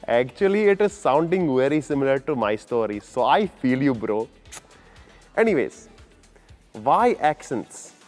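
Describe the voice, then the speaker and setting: A man's voice: mid-range voice, animated, measured pace, long pauses, soft background music, lightly acted. A man voicing a chummy, emotional male interviewer who keeps tacking on "huh?". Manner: chatty, keeps adding "huh?" and "bro".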